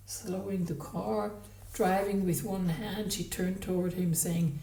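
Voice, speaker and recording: A woman reading a novel aloud in measured narration, then commenting on it haltingly as a book podcaster. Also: on the low side, steady tone, gravelly, mellow, distant mic. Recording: roomy, from the mic.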